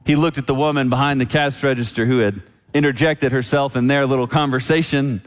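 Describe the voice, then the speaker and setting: A man preaching a sermon as pastor, telling a story and slowing down on key lines. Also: mid-range voice, steady tone. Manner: storytelling, slows down for emphasis. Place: church sanctuary. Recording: long church reverb.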